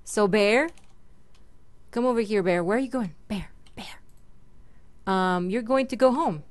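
A woman's voice: medium pitch, measured pace, no echo. A young woman chatting her way through a Minecraft let's play, talking to mobs and her pet and squealing when startled. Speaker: gaming channel host.

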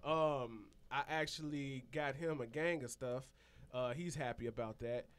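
A man co-hosting a podcast, chatting casually with deadpan, playful jokes. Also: medium pitch, a little slow, smooth. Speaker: podcast co-host. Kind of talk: casual chat.

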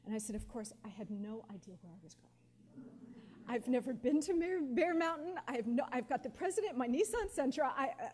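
A woman in her forties telling personal stories to an audience, lively and anecdotal, often quoting others with feeling. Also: sits high, brisk. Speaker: guest speaker. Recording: long hall reverb, faint background noise.

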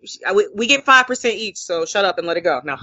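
Bright, teasing northern interview host. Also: medium pitch, expressive, fast talker, no echo. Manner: joking, teasing, rambling. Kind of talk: casual interview chat.

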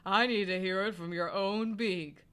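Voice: medium pitch, steady tone, moderate pace, bright, forceful tone, smooth, lightly acted. A player voicing a smug, prying male bird lawyer who speaks coolly.

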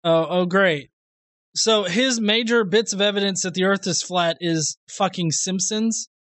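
A man's voice: high voice, measured pace, a bit bright. A man hosting a reaction commentary video, sarcastic and profane, laughing often at what he responds to.

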